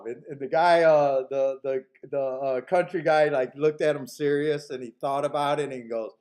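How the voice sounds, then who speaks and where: Male live-stream host, high voice, loose and profane, laughs constantly. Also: moderate pace, a little mellow. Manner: laughs often, rambling and profane. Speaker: horse racing handicapping show host. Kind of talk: casual live-stream chat.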